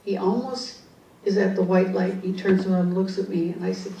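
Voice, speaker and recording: Warm-voiced woman telling a ghost story. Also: medium pitch, brisk, creaky, a little hiss or hum. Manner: animated, conversational, acts out dialogue. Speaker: psychic and ghostbuster. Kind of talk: personal storytelling talk. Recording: roomy, distant mic, faint ambience.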